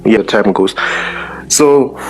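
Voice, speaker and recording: A man speaks earnestly on a live-stream panel, stalling often with fillers. His voice sits fairly low. Faint music plays behind him on the phone mic. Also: very slow, darkish tone. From South Africa. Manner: hesitant, many fillers, earnest.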